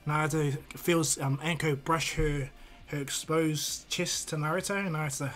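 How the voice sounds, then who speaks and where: Man, improvised fan-fiction storytelling, rambling, many ums and restarts, slightly raised pitch, faint music. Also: fairly even intonation, moderate pace, a bit bright.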